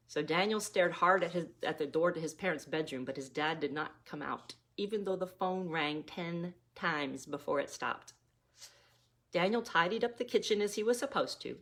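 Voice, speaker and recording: A woman reading her own novella aloud, gently, like a mother reading a story to her children. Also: low-pitched.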